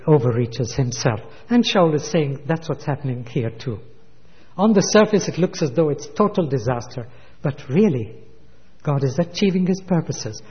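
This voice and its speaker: A man delivers a sermon, slipping into the voices of the people in his stories. His voice sits a little high. The recording is muffled and carries a long echo, as in a large hall. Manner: storytelling with acted quotes. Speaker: preacher.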